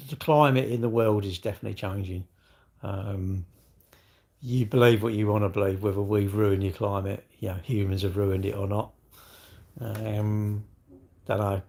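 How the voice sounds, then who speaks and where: A man's voice: fairly low pitch, darkish tone, breathy edge. A man chatting casually on a live stream, rambling from thought to thought and greeting viewers mid-sentence.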